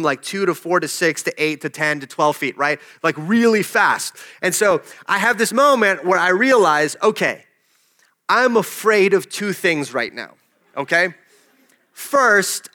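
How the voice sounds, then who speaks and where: A man's voice: high-pitched, bright, forceful tone. A man preaching a sermon, telling a personal story in a conversational way and joking with the congregation. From desert region. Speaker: pastor.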